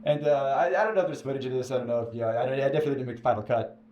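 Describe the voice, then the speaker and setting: A man telling a personal story as an interview guest, full of stammered restarts and sudden jumps into a high, animated voice. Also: very fast, muffled recording. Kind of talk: casual storytelling. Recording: echoey room with faint ambience.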